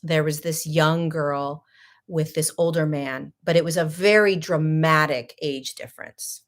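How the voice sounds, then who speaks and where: A woman hosting a casual talk, telling a personal story in an animated, laughing way that swings between loud and hushed. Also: low voice, unhurried. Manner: frequent 'like' and restarts, sarcastic. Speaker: host.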